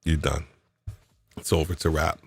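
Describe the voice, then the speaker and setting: Soft music plays in the background as a New York podcast host talks in a very deep, slightly rough voice, level in tone and at normal speed, with no room sound. During the live chat he teases guests in playful banter, musing reflectively with many fillers and restarts.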